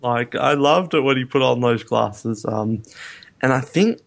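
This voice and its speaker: A man co-hosting a podcast, chatting casually about a film, rambling and laughing, getting animated when amused. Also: medium pitch, unhurried, vocal fry. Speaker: podcast co-host. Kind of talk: casual film review chat.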